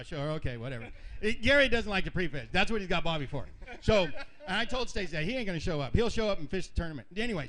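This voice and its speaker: High-voiced guy rattling off fishing stories quick and lively at a weigh-in outdoors. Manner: rambling, animated, laughs through stories. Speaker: tournament angler. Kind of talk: storytelling at a weigh-in.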